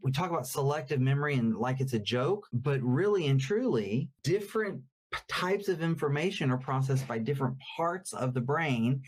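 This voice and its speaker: A man's voice: mid-range voice, expressive, moderate pace, slightly rough. A man teaching as a therapist in a conversational, explanatory way, acting out quoted examples now and then. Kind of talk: educational talk.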